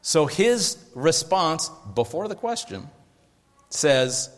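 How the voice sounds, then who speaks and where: A man's voice: mid-range voice, expressive, normal speed, a bit bright. A man preaching a sermon as pastor, in a conversational way, often checking that his listeners are following. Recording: long hall reverb.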